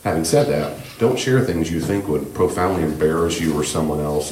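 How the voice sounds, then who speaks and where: A man leading a church class on grief, speaking in a gentle, reassuring, conversational way with many fillers. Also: deep voice, brisk, hardly any pauses, echoey room, a little hiss or hum. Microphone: room microphone.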